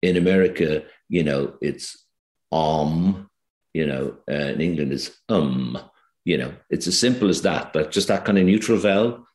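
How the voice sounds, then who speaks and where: An Irish actor talking casually as an interview guest, hesitant, with many fillers and restarts. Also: male voice, low-pitched, fairly quick, a little mellow, echoey room.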